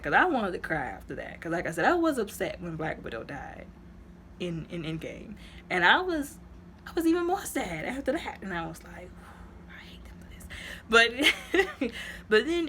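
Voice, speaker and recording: A woman's voice: on the low side, big pitch swings, moderate pace, a bit bright, slight background noise. A woman casually recapping a movie in a chatty, rambling way, dropping to dramatic whispers when she acts out lines. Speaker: movie reviewer.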